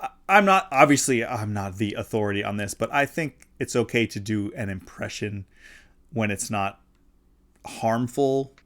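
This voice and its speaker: A man co-hosting a live stream, easygoing and quick to laugh, hedging his opinions. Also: lowish voice, lively intonation, a bit bright. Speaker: streamer co-host. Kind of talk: casual chat on a live stream.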